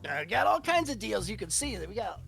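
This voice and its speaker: Guy putting on a pushy little halfling shop guy w/ a jersey accent, squeaky and loud, faint music behind. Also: creaky, exaggerated voice. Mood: eager. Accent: New Jersey. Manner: excitable, fast-talking salesman patter. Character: jittery eager male halfling shopkeeper with a rat.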